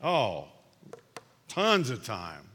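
Bright-voiced male preacher in a reverberant hall. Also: medium pitch, extremely slow, a little hiss or hum. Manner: conversational preaching with animated retelling of stories. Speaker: pastor. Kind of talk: sermon.

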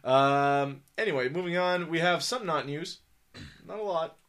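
A man's voice: on the high side, unhurried, a bit bright. A man co-hosting a casual podcast, rambling and crude, laughing often. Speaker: podcast co-host.

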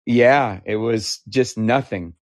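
Chatty man from Idaho, mid pitch, dry close sound, an easy storyteller. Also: slow pace, dry recording. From Idaho, United States. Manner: talkative, animated, laughs often. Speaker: interviewee, founder. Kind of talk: conversational storytelling.

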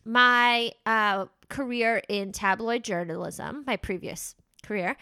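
A woman's voice: a little high, takes it slowly, bright, forceful tone, smooth, dry recording, clean studio sound. A woman in her late twenties hosting a podcast, chatting in a wry, casual way. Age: 20s. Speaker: podcast host.

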